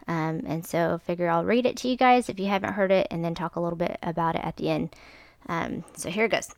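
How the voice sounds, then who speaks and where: A woman with a stuffy nose hosts her podcast in a relaxed, chatty way, then reads aloud. Her voice sits low and smooth. The recording is close and dry, with no room around it. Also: normal speed, dry recording. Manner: relaxed, with frequent ums. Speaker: podcast host. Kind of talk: casual chat and reading aloud.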